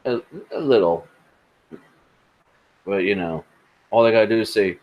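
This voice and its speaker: Low-ish voiced dude on a tech podcast, sarcastic, cussing, unimpressed by everything. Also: male voice, measured pace, muffled recording. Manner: blunt, sarcastic and profane. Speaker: podcast co-host. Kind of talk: casual podcast chat.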